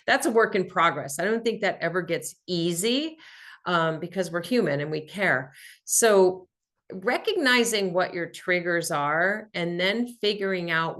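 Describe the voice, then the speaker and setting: A woman hosting a podcast, giving a candid, earnest personal motivational talk and swearing casually. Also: on the low side. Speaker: podcast host.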